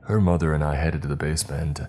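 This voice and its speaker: A man reading as a grieving father in a wavering baritone. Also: faint music behind. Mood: grief-stricken. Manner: slow, muttered, flat monotone. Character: grieving middle-aged father, broken and guarded.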